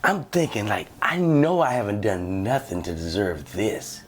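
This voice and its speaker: Animated storytelling man, wildly lively pitch. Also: measured pace. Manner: acts out shouting cops and himself, swears a lot, lively. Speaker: podcast co-host telling a story. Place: podcast studio.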